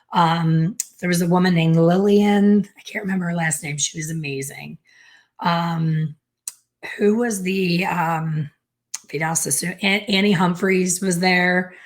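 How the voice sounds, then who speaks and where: Animated storytelling woman, lowish voice. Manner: lively, animated, acts out quoted dialogue. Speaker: hair color educator. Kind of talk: personal storytelling to camera.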